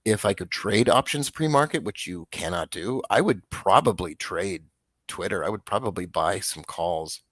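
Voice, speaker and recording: A man hosting a casual stock market show, rambling and restarting as he talks through trades, with a dry, flat tone. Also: deep voice, normal speed, dry recording. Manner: rambling, self-interrupting, offhand.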